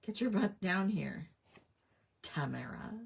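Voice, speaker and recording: Woman, craft show host, casual livestream chat, husky gravelly voice, computer mic at home. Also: mid-range voice, expressive, takes it slowly, darkish tone. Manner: chatty, muttering to herself as she works.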